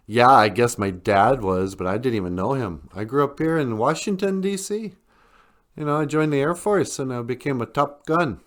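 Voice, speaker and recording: A man's voice: mid-range voice, expressive, normal speed, pitched above the performer's own voice, close to an everyday voice. A man voicing a puzzled, defiant young male agent in an offhand, shrugging tone. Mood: unsure.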